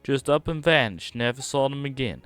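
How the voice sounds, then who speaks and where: A man's voice: medium pitch, animated, normal speed, fairly bright tone, smooth, no room sound, soft background music, pitched above the performer's own voice, natural voice. A man reading out game lines as a down-on-his-luck barfly, with a put-on British-style accent and a rueful, grumbling delivery.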